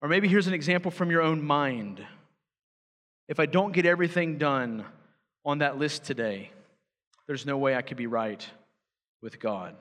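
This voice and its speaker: A man's voice: a little high, moderate pace, pauses often, a bit bright. A man preaching a sermon as pastor, emphatic and building to fervent urgency. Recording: church hall reverb.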